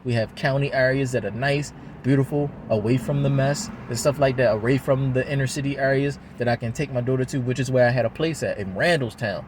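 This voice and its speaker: Man, mid-pitch voice, heated rambling vlog rant, recorded outside with faint traffic noise. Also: a little fast. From Baltimore, USA. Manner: heated, rambling, repetitive, swears often. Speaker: father talking to camera. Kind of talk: emotional venting monologue.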